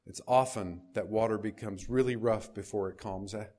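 A man's voice: lowish voice, steady tone, normal speed, dark tone. A man preaching a sermon, reading scripture aloud and putting questions to his listeners. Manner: reads scripture aloud with rising emphasis, asks the congregation questions.

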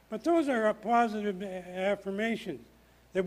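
A man's voice: high-pitched, normal speed, a little mellow. An older man preaching an earnest, emphatic sermon in a church, pounding the lectern as he makes his points.

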